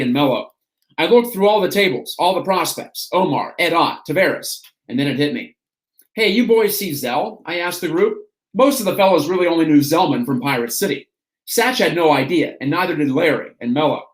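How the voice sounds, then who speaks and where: A man hosting a stream, reading an autobiography aloud in a steady storytelling way. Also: fairly high pitch. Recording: roomy echo.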